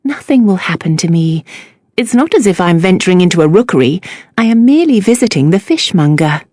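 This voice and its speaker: A proud young lady speaks crisply and decisively, as a woman reader voices her. Her words come pert and firm. The sound is close and dry. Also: lowish voice, very animated, a little fast, darkish tone, no room sound. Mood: indignant.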